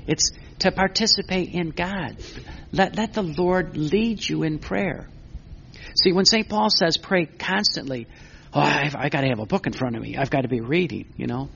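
Gravelly preacher man on a muffled recording. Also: a little high, animated, measured pace, fairly bright tone, a little hiss or hum. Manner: asks rhetorical questions and answers them himself; earnest, repeats words while building a point. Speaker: Catholic preacher. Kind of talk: sermon.

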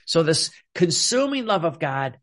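A man preaching a fervent Catholic sermon, repeating phrases and dropping his voice low on quoted words. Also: big pitch swings, unhurried. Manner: fervent, repetitive, drops to a hushed tone on quoted phrases.

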